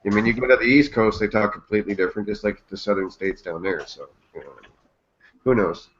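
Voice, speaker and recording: A man's voice: on the low side, brisk, lo-fi sound. A Canadian man co-hosting a casual chat, rambling, joking and swearing freely. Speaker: co-host.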